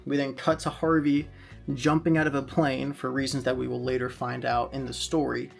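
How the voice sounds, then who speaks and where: Gravelly man chatting about comics. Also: mid-range voice, little pitch movement, moderate pace, faint music behind. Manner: chatty plot recaps with fillers and laughs. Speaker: comic book reviewer. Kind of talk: casual review vlog.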